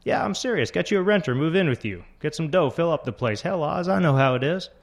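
Man voicing a gruff middle-aged bus driver, pushy, raised pitch. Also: lively intonation, fast talker. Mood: insistent. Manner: pushy, talks over the other man.

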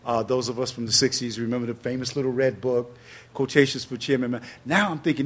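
A man, telling a personal story in an interview and acting out quotes in loud, high bursts. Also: fairly even intonation, quick pace, slightly rough. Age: 60s. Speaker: interview guest.

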